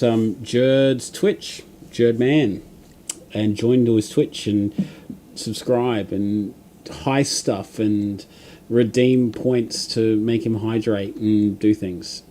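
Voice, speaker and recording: A man's voice: fairly low pitch, warm tone. An Australian man hosting a livestream, chatting casually and reading out viewer comments, rambling with lots of fillers and restarts. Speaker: livestream host.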